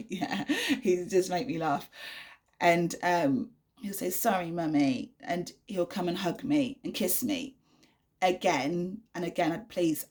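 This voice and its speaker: A young woman talking frankly to camera from her bedroom, in a chatty, unedited vlog full of fillers and restarts. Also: on the low side. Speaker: vlogger, mother.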